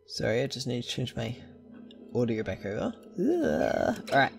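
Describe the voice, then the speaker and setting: A man's voice: mid-range voice, wildly swooping pitch, moderate pace, vocal fry, slight background noise. Rambling man thinking aloud over gameplay. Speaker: gameplay video host. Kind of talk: casual gameplay commentary.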